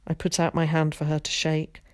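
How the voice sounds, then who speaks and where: A woman teacher reading a children's novel aloud, with clear, measured storytelling. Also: low voice, completely flat delivery, no room sound, clean studio sound. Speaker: primary school teacher.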